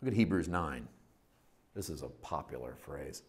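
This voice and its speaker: A man teaching a Bible study sermon in a conversational, folksy way, asking rhetorical questions and swinging between loud emphatic bursts and quiet low asides. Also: lively intonation, normal speed.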